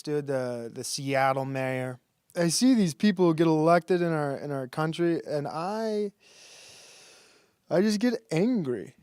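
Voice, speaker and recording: A man rambles through a casual monologue on a stream, stopping and restarting his sentences. His voice is smooth and fairly high for a man. He is recorded close and dry, with no room sound. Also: darkish tone, dry recording. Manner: rambling, halting, many fillers and restarts.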